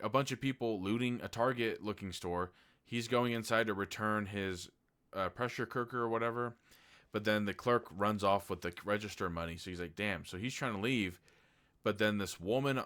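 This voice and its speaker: A man's voice: low-pitched, a bit bright. A man casually reviewing a TV series, talking loosely with lots of fillers and the odd swear word. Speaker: TV review vlogger.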